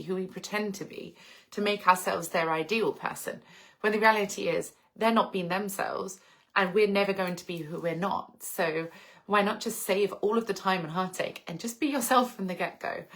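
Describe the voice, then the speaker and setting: A woman in her late thirties from England, chatting reflectively on a live stream and answering viewers' comments. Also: mid-range voice. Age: 30s. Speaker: vlogger reading live chat. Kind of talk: casual live-stream chat. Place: home in the English countryside.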